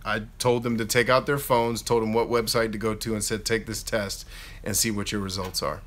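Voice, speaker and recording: Man, thirties, casual live Q&A host, animated, reads viewer questions, low voice. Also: normal speed. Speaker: YouTube host answering live chat.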